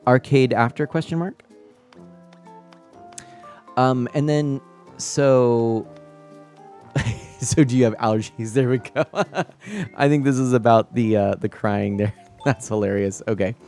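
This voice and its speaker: A man's voice: mid-range voice, slow, pauses often, warm tone, faint music behind. A man in his thirties hosting a family-friendly live stream, chatting loosely with viewers and laughing often. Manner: rambling and chatty, giggly, many fillers and restarts. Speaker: livestream host. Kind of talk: casual live-stream chat, reading viewer comments.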